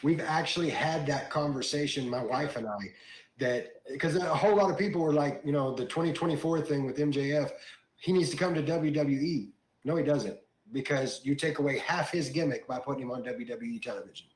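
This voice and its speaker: A man's voice: on the high side, fairly quick. A man hosting a podcast in casual chat, conversational with plenty of fillers. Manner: conversational, lots of "you know" fillers. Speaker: podcast host. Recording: roomy echo.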